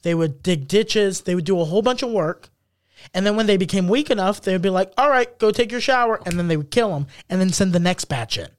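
This podcast co-host talks fast in a high, darkish-toned voice. In the casual conversation he rambles and gropes for words, full of fillers and profanity.

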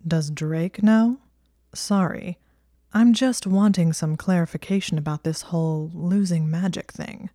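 A woman voicing a smug, sardonic teenage wizard boy who talks in a slow, mocking drawl. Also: fairly low pitch, warm tone, no room sound, clean studio sound, natural voice.

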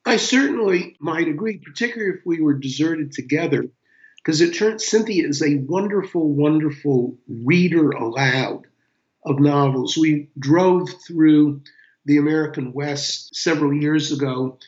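An older man, an interview guest, speaking slowly and thoughtfully with soft chuckles. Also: a little high. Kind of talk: casual interview chat. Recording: echoey, dull lo-fi room sound.

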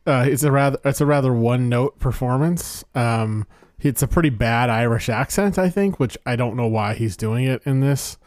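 A man's voice: mid-range voice, moderate pace, a little mellow, no echo, studio quality. Hesitant man giving a film opinion. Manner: hesitant, many "uh" and "I mean". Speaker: podcast regular. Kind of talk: casual film discussion.

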